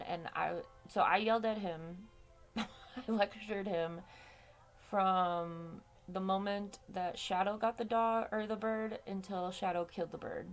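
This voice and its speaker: A woman's voice: fairly low pitch, clean tone. A woman telling a story to her camera in a casual, chatty way, swearing freely and laughing between lines. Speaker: vlogger.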